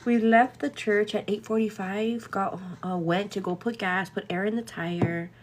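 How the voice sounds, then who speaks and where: A woman's voice: medium pitch, normal speed, noisy background. A young woman telling a story to her viewers in a casual, chatty way, tired and overwhelmed, laughing often and quoting both sides of an argument. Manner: chatty, animated retelling with laughs, quotes others. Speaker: vlogger.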